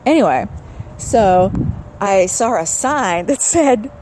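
An older woman hosting a podcast rambles wryly about her trip in a casual travel-vlog monologue, moving from outdoors to indoors. Her medium-pitched voice is animated, a little slow and darkish in tone, on a rough recording with slight background noise.

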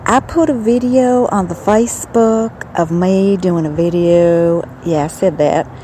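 A woman's voice: fairly low pitch, a little slow, mellow, slight background noise, low-quality recording. A woman hosting a podcast, talking in a chatty, wry and rambling way. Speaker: podcast host. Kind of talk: casual solo podcast chat.

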